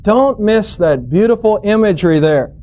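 A man's voice: high voice, expressive, normal speed, warm tone. A man preaching a sermon as a pastor, teaching through scripture in an earnest, storytelling, emphatic way. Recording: dull lo-fi recording.

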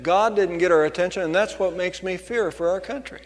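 A male pastor delivers a sermon in a notably high voice, hammering his points with repeated phrases. His words ring out with a long reverberant tail from the church sanctuary around him. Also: brisk. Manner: preaching with emphatic repetition.

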